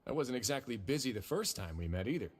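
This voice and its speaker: A man's voice: medium pitch, big pitch swings, fast talker, slight background noise, lightly acted. An actor playing a composed, dryly wry male warden in a game. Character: composed, dry-humored male warden duke. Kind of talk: studio game voice acting. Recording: game audio with faint music.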